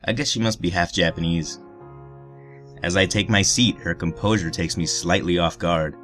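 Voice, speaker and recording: A man with a low, deep voice reads a visual novel aloud for a let's play. He keeps breaking the narration with crude, joking asides. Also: normal speed, a bit bright, faint music behind. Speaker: let's player.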